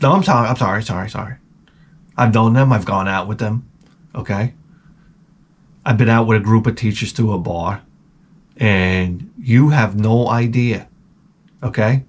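This middle-aged vlog host hails from Long Island, New York. His fairly low voice moves at normal speed as he rambles casually through a sardonic story laced with profanity.

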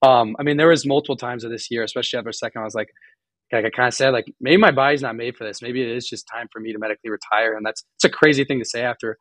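A young man giving a candid podcast interview, rambling and halting with many restarts, earnest and openly emotional. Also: mid-range voice, fairly bright tone, dry recording. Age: young adult. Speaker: guest college runner.

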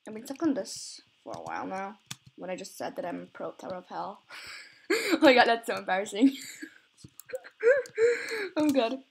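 This young gamer has a gravelly, slightly rough mid-range voice with big pitch swings, at normal speed and with frequent pauses. She rambles through casual gameplay chat, giggling and laughing at herself a lot.

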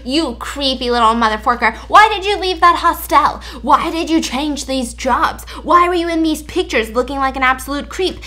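Casting: a woman playing an angry male detective, rapid accusing questions, fairly high voice. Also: lively intonation, bright, forceful tone.

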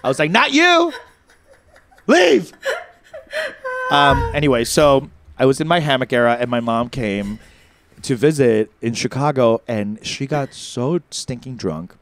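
A man in his thirties telling comic stories on a podcast, campy and animated, jumping into high put-on voices. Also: moderate pace, no room sound. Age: 30s. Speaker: co-host. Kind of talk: casual comedic storytelling.

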